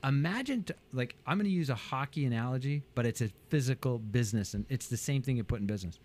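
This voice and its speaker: Energetic man coach, voice leaping high. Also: fast talker. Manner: energetic, acts out quotes with big pitch jumps. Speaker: guest, business coach. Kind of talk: animated interview talk.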